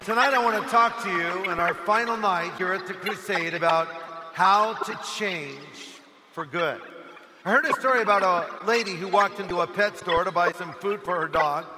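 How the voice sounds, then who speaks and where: A male pastor preaching a sermon to a stadium crowd, telling stories and now and then booming out quoted lines. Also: pushed and bright. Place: outdoor stadium. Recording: echoey stadium sound with faint noise.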